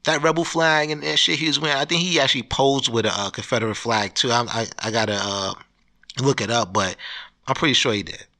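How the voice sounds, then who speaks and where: A man's voice: medium pitch, fairly quick, sharp tone. A man hosting his own podcast, ranting in a loose, profane, rambling way with many restarts. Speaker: podcast host. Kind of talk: solo podcast rant.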